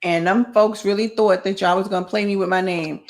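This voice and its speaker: This is a woman with a New Jersey accent hosting a podcast. She banters in a sassy, playful way. Her voice sits in an ordinary middle pitch. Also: fairly even intonation, brisk. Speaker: podcast host. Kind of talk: casual chat.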